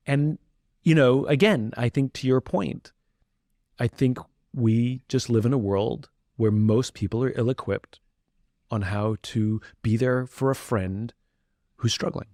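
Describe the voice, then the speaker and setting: A man's voice: mid-range voice, expressive, a little slow, a little mellow, dry recording. Candid reflective man, dry studio sound. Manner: reflective, candid, frequent restarts and fillers. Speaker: interview guest. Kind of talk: candid conversational interview.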